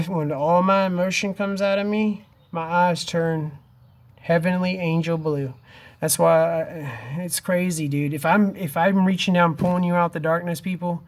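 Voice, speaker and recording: A man in his fifties speaking urgently and emotionally to his camera, pleading with viewers, his voice close to tears, and he keeps saying "dude" and "man". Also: a little high. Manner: emotional and wavering, near tears. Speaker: vlogger. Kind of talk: impassioned direct-to-camera vlog.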